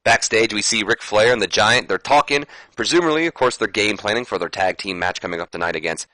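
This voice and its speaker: In casual let's-play commentary on a wrestling management game, a man chats away and swears freely. His voice is lowish, a little fast and sharp, recorded roughly with no room sound.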